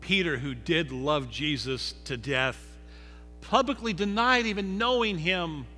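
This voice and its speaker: A man preaching a sermon that retells a scripture story dramatically, moving between loud emphasis and hushed low passages. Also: a little slow. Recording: long reverb with faint music behind.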